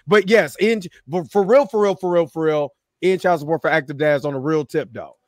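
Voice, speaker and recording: A man's voice: a little high, normal speed, no echo, studio quality. A man hosting a casual podcast, joking and giggling as he banters about film news. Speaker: podcast host.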